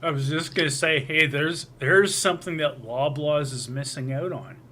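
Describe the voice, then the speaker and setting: A man's voice: on the high side, normal speed, bright, forceful tone. A man from Canada, co-hosting a casual guitar chat and laughing often. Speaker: co-host.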